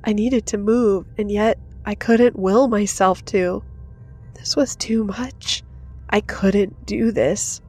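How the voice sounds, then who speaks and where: A woman's voice: medium pitch, fairly even intonation, takes it slowly, darkish tone, slightly rough. Narrator: woman, dramatic scripted horror reading, faint music underneath. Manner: dramatic, rising to intense in action.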